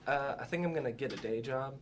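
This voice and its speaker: A young American man chats as a guest, easygoing and rambling, full of "you know" and "like". His voice sits at an ordinary pitch, with a faint hum under the recording. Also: fast talker. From Texas, USA. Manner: laid-back, rambling, lots of fillers. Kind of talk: casual chat.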